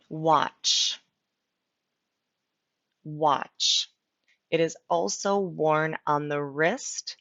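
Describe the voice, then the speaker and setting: A woman teaches vocabulary at an unhurried pace, repeating each word with patient care. Her fairly low voice has a gravelly edge. The recording is dry and slightly muffled. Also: a bit bright, no room sound. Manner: patient, repeats words slowly. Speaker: ESL teacher. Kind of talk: slow, clear vocabulary lesson. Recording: dull lo-fi sound.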